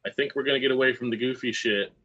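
A man's voice: mid-range voice, steady tone, fast, pushed and bright, slightly rough. A man with a medium voice gives blunt, opinionated takes in casual talk and swears now and then. His audio sounds dull and lo-fi, like a call recording. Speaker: panelist. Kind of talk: casual panel chat.

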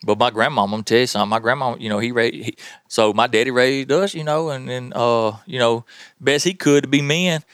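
A man with a Southern US accent hosting a podcast, telling tall tales in a folksy, animated way. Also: medium pitch, fairly quick, clean tone, no room sound, studio quality. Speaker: podcast host. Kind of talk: tall-tale storytelling.

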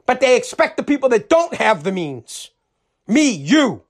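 A man's voice: extremely high pitch, sing-song, unhurried. An American man hosting a podcast, delivering a heated, profane, combative rant on his own. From United States. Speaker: podcast host.

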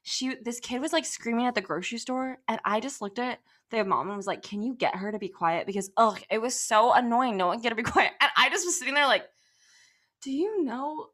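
A woman's voice: fairly high pitch, a little fast. A young woman and mother, co-hosting a podcast and telling stories in casual chat, acting out quotes as she goes. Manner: animated storytelling with laughs and acted-out quotes. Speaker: podcast co-host, photographer.

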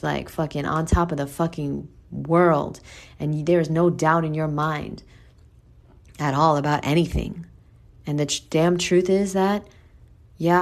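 A low-voiced woman with a New York accent talks straight to her audience. Her delivery is blunt and profane, and she calls the listener boo. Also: a little mellow. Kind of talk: candid monologue.

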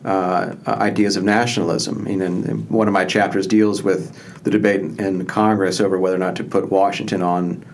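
A man's voice: low-pitched, little pitch movement, moderate pace, slight background noise. A man from southwestern Ohio, a historian and interview guest, speaking thoughtfully with many fillers and restarts. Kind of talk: conversational interview.

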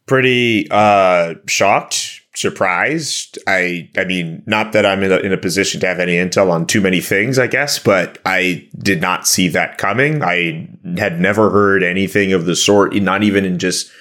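A man's voice: low-pitched, normal speed, few pauses. A man guesting on a hockey podcast, talking casually and loosely with lots of fillers. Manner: relaxed, rambling with many fillers.

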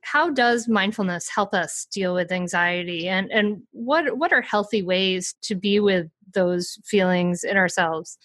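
Podcast host lady, soft and affirming, dry close mic. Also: medium pitch, measured pace, hardly any pauses, dry recording. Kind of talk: interviewing.

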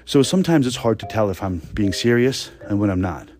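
A man in his thirties with a fairly low voice tells a long work story from home in a loud, animated and sarcastic way, swearing freely. Faint music plays quietly behind him. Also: a little fast. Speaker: podcast host, restaurant manager. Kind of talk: casual storytelling monologue. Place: indoors at home.

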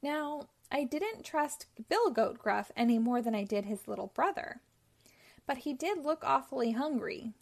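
Woman, children's book reader, expressive, slightly high, gravelly. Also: a little slow. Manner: expressive storytelling. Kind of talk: reading a picture book aloud.

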